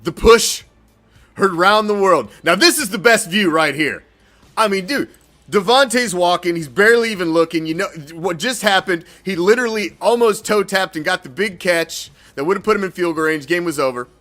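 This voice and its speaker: A man's voice: high-pitched, moderate pace, bright, forceful tone, faint music behind. A man hosting a sports fan show, ranting heatedly and swearing in an exasperated way. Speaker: sports podcast host. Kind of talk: profane fan reaction rant.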